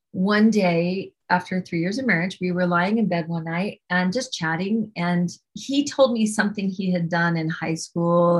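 A woman speaking as a podcast guest, her voice slightly husky and breathy. She tells a personal story earnestly and candidly, voicing the lines of the people in it. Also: on the low side, fairly bright tone. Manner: earnest, candid, quotes herself and others.

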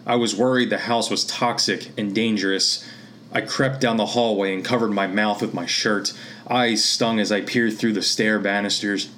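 Man from Pennsylvania, reading fiction aloud, measured, lowish voice, faint noise. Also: fairly bright tone. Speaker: author and reader.

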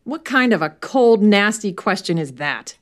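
A woman's voice: sits low, animated, normal speed. A woman voicing a defiant, indignant young man being questioned.

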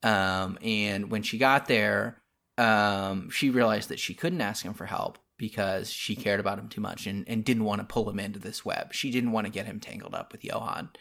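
A man's voice: fairly low pitch, steady tone, normal speed, vocal fry, a bit bright. Earnest man recapping a comic. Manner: earnest, retells scenes with restarts and fillers. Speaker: podcast co-host. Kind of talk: casual comic-book podcast chat.

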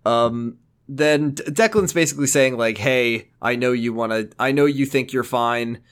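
A male podcast co-host in loose, casual chat, recapping a TV episode. His voice sits at an ordinary middle pitch. He rambles, restarts, and drops characters' lines in a dry, mocking deadpan. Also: moderate pace, clean tone.

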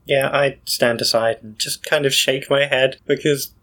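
A man's voice: mid-range voice, fairly even intonation, moderate pace, fairly bright tone. Brief: man, tabletop player, casual and matter-of-fact.

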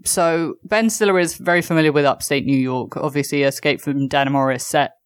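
A woman's voice: low-pitched, steady tone, a little fast, clean tone, no echo. A woman co-hosting a podcast, talking in a loose, chatty way with lots of fillers and restarts. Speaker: podcast co-host. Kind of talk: casual chat.

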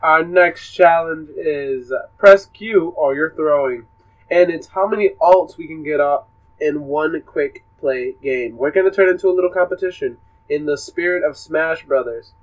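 A man's voice: on the high side, moderate pace, dull audio. A man co-hosting a podcast in casual chat, laid-back and giggly. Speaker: podcast co-host.

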